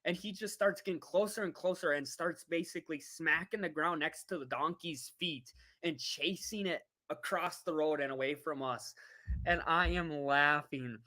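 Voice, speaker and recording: A woman vlogger telling a travel story in a casual livestream, animated and laughing as she talks to her viewers. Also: sits low, moderate pace.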